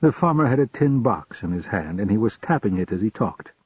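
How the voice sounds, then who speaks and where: Casting: calm male storyteller, husky, dry dull lo-fi recording. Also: lowish voice, a little fast, dry recording. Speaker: audiobook narrator. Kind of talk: audiobook narration.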